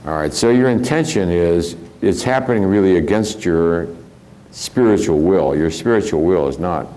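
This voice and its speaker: An older Midwestern man, a spiritual teacher, gives a rambling, reflective lecture, chuckling often as he tells stories. His deep voice is mellow and animated at normal speed, though the audio quality is poor.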